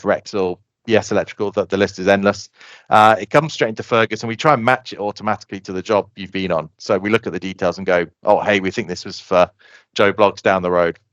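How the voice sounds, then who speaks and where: Man, low voice, rapid animated pitch, close dry mic, lo-fi. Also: no echo. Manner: fast, animated explaining, acts out customer quotes. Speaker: software company guest. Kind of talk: casual podcast interview.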